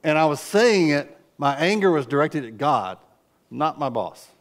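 A man's voice: a little high, sing-song, a little slow. Earnest male pastor preaching a sermon. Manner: earnest, storytelling with sudden loud outbursts.

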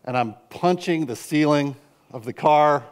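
A middle-aged man preaching a sermon as a pastor, earnest and story-driven, with sudden loud outbursts when he acts out his own cries. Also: fairly high pitch, unhurried, smooth.

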